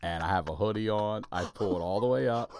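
A man chatting casually as a podcast guest, telling lively stories and laughing easily. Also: on the low side, a little fast. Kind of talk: casual chat.

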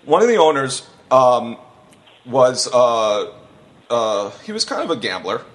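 A man chatting as a podcast host, spinning a long anecdote in loose, restarting sentences. He throws himself into the quoted lines, jumping up in pitch as he plays the people in the story. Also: unhurried. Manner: rambling, animated storyteller who acts out quotes. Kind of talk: casual chat, storytelling.

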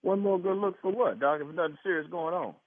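A man's voice: high voice, fairly quick, no room sound. A man on a phone call who grows indignant, repeating himself and talking over the caller. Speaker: prank call target, husband. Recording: tinny phone line.

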